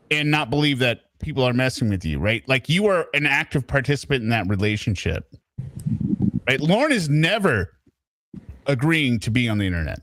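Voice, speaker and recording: A man's voice: medium pitch, a bit bright, dry recording, clean studio sound. A man hosting a live stream, chatting casually and often tagging his points with "right?". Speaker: stream host.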